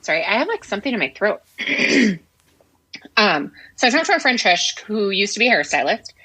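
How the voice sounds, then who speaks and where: A woman's voice: mid-range voice, big pitch swings, moderate pace, pushed and bright, slightly rough, rough recording. A woman co-hosting a podcast, telling a story about her week in a candid, frank way with mild swearing. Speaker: podcast co-host. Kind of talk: casual chat.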